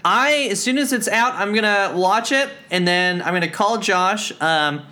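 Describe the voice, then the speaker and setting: A podcast co-host in playful, casual chat, with many ums and quick silly voices. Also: medium pitch, sharp tone.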